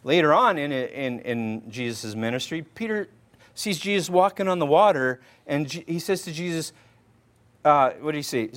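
A man preaching in a loose, conversational way, his voice sitting a little higher than most men's. He quotes old-style scripture aloud, then slips back into plain talk, restarting words and tossing in "right?" after nearly every point. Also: animated, normal speed, fairly bright tone. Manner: informal, repeats "right?" often, restarts words. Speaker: pastor. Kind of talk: conversational sermon.

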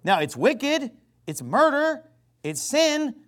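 A man's voice: very high-pitched, very animated, takes it slowly. A man preaching a sermon, emphatic, quizzing the crowd with rhetorical questions.

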